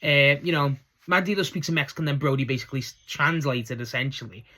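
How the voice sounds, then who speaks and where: A man with a slightly raised voice talks through a wrestling recap in a loose, rambling way, full of enthusiasm and casual swearing. The delivery is unscripted, with restarts and quick asides. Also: a little high, steady tone, sharp tone. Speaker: wrestling show reviewer.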